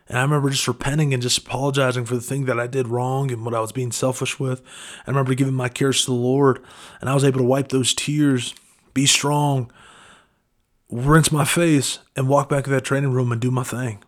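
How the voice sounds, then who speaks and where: A man's voice: mid-range voice, fairly even intonation, a little fast. A man preaching a casual devotional talk, conversational and earnest, often saying "man" and "you know".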